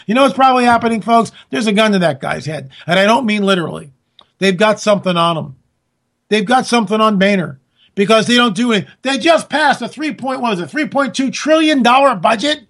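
A man's voice: very high voice, fairly quick, fairly bright tone. A man hosting a political talk show, ranting sarcastically to his listeners. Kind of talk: political commentary monologue.

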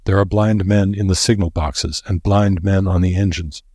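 A man voicing a grim, solemn old professor with a deliberate way of speaking, in a read-aloud story. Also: sits low, steady tone, darkish tone, slightly rough, dry recording, studio quality.

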